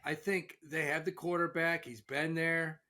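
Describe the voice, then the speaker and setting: A man hosts a sports betting chat, brash and a bit profane, often leaning on gut feelings. His voice is somewhat high and sharply bright. He talks loosely with his co-host. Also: fairly even intonation, a little slow. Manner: brash, swearing, hedging hunches.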